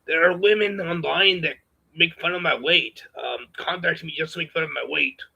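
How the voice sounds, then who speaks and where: A campy spy-spoof man, put on by a man talking at home. The voice is pushed higher and sounds strained and bright. A gravelly, husky texture runs through it, picked up by a webcam or phone mic. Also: normal speed, dull audio, heavily acted. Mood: complaining. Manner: pitched-up, strained delivery. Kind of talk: put-on character voice while chatting.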